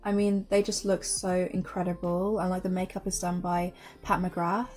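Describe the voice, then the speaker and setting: A woman's voice: fairly low pitch, flat delivery, normal speed, a little mellow, soft background music. A young woman vlogger chatting casually and gushing over runway looks, full of fillers. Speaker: fashion vlogger.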